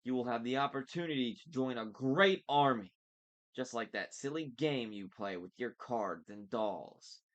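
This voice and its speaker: A man reading aloud and voicing a menacing, gloating monster posing as a vice principal, speaking slowly and deliberately. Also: mid-range voice, muffled recording, natural voice. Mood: gloating menace. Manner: slow, deliberate, mocking.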